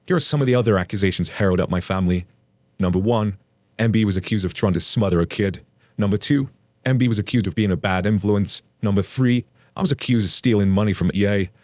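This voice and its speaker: A man's voice: on the low side, darkish tone, dry recording. A man hosting a channel where he reads online stories aloud and adds blunt, casual commentary with the odd swear word. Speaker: narrator and host.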